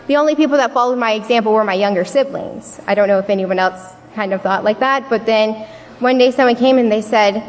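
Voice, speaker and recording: A woman's voice: on the high side, a little fast. Young woman telling her story in a hall. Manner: storytelling, acting out what people said. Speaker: youth speaker at a church service. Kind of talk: personal story speech. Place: large worship hall. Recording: long reverb of a large hall.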